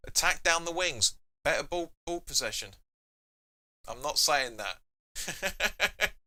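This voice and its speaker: A man's voice: on the high side, lively intonation, slow pace, sharp tone. A man hosting a live football watch-along, chatting casually and reading viewer comments aloud between reactions to the match. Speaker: fan channel host.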